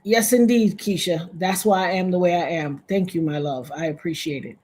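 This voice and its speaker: Husky-voiced woman telling a story. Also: moderate pace. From Trinidad. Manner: animated, acts out quoted voices with big pitch jumps. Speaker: interview guest. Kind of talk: storytelling in an interview. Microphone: video call.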